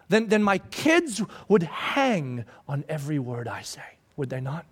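A middle-aged man preaching a sermon, emphatic and building in rising waves before dropping quiet and slow. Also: on the high side, sing-song, slightly rough.

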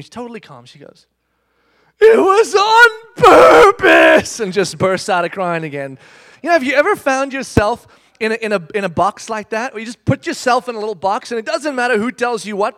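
Brief: man in his thirties, preacher, high voice, lively storyteller who jokes about himself. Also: quick pace. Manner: animated, self-mocking, addresses the audience directly. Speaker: speaker. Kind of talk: storytelling sermon.

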